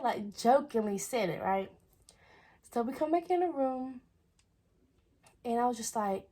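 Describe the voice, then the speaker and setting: Husky young woman telling a story. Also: on the high side, moderate pace, long pauses, mellow. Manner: chatty, repeats "I was like". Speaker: vlogger. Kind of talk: casual storytelling.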